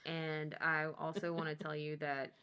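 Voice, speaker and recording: A woman co-host in casual talk-show chat, speaking in a lowish voice. She is playful and teasing and breaks into giggles easily. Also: little pitch movement, normal speed, fairly bright tone, a little hiss or hum.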